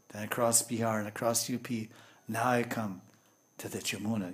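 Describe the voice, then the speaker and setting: A man giving a devotional lecture in English with Sanskrit and Hindi terms, telling lively stories and swinging from hushed tones to loud bursts. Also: lowish voice, normal speed. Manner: animated, acts out voices and laughter, swings from hushed to loud. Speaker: spiritual teacher.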